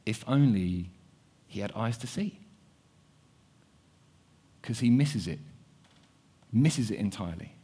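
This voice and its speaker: A man's voice: lowish voice, slow pace, long pauses, husky. A young man preaching a sermon, earnest, often repeating words as he thinks aloud. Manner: earnest, repeats words, shifts between quiet and animated.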